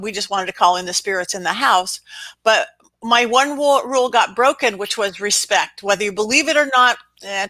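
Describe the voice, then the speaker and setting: Bright, animated woman telling a story. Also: on the high side, no room sound, rough recording. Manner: animated, dramatic storyteller who acts out quotes. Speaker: spirit medium and guest.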